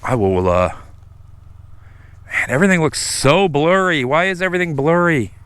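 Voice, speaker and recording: A man's voice: fairly high pitch, lively intonation, moderate pace, clean tone. An older man with a sore throat, rambling to his viewers in a casual motor vlog while riding country roads. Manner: chatty, talks to viewers as "people". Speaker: motorcycle vlogger. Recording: loud wind and engine noise. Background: motorcycle engine and traffic.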